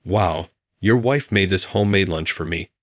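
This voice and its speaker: Guy reading as a young woman coworker, teary, apologizing a lot, deep dry voice. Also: moderate pace, no room sound. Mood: tearful. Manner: apologetic, soft-spoken. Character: struggling young woman coworker, timid and tearful.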